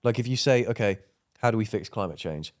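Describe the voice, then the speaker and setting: A man's voice: lowish voice, animated, a little fast. A man co-hosting a podcast in casual chat, easygoing, agreeing a lot and chiming in. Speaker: podcast co-host.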